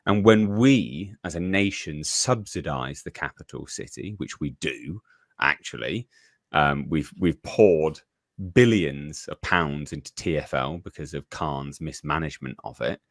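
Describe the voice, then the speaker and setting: A man co-hosting casual political commentary, emphatic and deliberate, repeating points for effect. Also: rumbling low, lively intonation, no room sound, studio quality.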